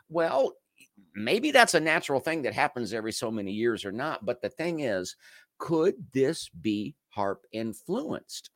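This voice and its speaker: A man from Canada hosts a live stream, talking straight to his viewers in a lively voice that rises and falls a lot. He piles up rhetorical questions one after another. The sound is dry and close. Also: medium pitch, measured pace, dry recording. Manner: rhetorical, firing strings of questions. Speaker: livestream host. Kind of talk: casual commentary to a live chat.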